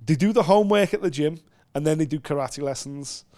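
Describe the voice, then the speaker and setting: A man co-hosting a casual fight-sports chat, gushing and excitable, quick to heap praise on fighters. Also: fairly high pitch. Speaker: podcast co-host.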